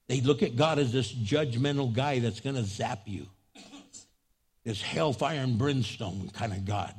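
A man preaching a sermon as pastor, fervent, prompting the congregation to answer back, swinging between loud exhortation and low, intimate asides. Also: a little slow, slightly rough.

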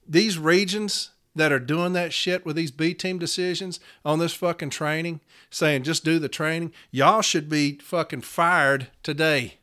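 A man's voice: fairly high pitch, fairly even intonation, measured pace, hardly any pauses, sharp tone. A man, hosting his podcast in an angry, profane solo rant. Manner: furious, profane, fiery. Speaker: podcast host.

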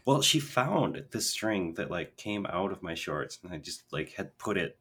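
A man's voice: sits low, big pitch swings, normal speed, bright, forceful tone, husky. A young man co-hosting a casual podcast, rambling through tangents with lots of fillers, from Minnesota. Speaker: podcast co-host. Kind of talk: casual chat.

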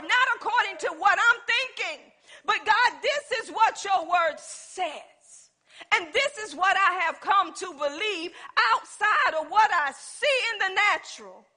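A woman preaching a lively sermon, acting out little scenes and talking back to God with humor. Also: extremely high pitch, measured pace. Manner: animated, playful, acts out little scenes.

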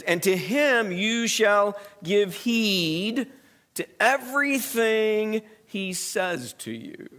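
A man's voice: high voice, fairly bright tone. A man teaching a Bible study lesson in a conversational way, asking the class questions and often restarting his sentences.

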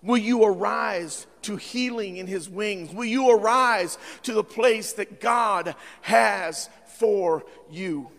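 A male pastor preaching a sermon, with frequent "uh" fillers, swinging between fervent shouting and quieter appeals. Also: high voice, slow pace, few pauses. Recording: long hall reverb.

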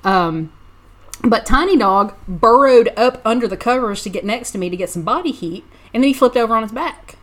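A woman's voice: a little high, animated, normal speed, fairly bright tone. A woman co-hosting a casual podcast, telling chatty stories and laughing often. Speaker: podcast co-host. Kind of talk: casual chat.

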